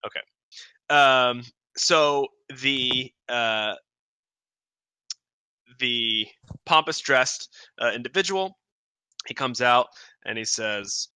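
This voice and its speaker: A man's voice: medium pitch, drawn-out words, long pauses, sharp tone, clean tone, dry recording. A man narrating as game master of a tabletop game, rambling with restarts and acting out guards.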